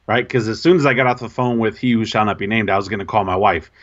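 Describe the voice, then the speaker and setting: A man co-hosting a podcast, telling an embarrassing story in casual, animated, self-mocking chat. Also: fairly low pitch, fast, highs cut off. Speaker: podcast co-host.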